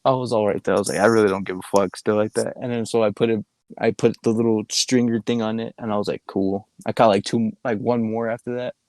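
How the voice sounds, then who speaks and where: A fast-talking young podcast co-host, his voice lowish and darkish with fairly even intonation, rambles through a long story in a casual chat. He swears plenty and laughs frequently. The podcast microphone picks up no room sound.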